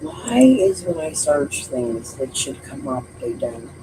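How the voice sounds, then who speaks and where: Her voice sits low and has a sing-song lilt, and she takes her time over a backdrop of noise. As host of a true crime livestream, she talks casually, bluntly and emphatically, cursing often.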